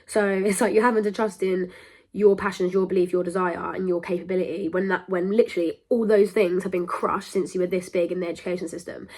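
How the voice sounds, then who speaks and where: A woman's voice: lowish voice, little pitch movement, fast, a little mellow. A young woman hosting a podcast, talking in a rambling, emphatic, self-interrupting way. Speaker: podcast host. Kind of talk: casual monologue to camera.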